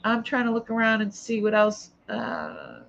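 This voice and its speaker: A woman's voice: medium pitch, wildly swooping pitch, measured pace, vocal fry, fairly bright tone, highs cut off, a little hiss or hum. A woman with an old Boston accent hosting a live jewelry sale, chatting casually and thinking aloud as she looks over each piece. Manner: chatty, thinking aloud while handling items. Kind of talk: casual live-stream chat.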